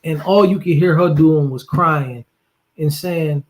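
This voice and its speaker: A man in a casual chat, relaxed and joking as he tells his side of the story. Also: fairly high pitch, measured pace, low-quality recording. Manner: relaxed, joking, laid-back. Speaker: guest, her partner.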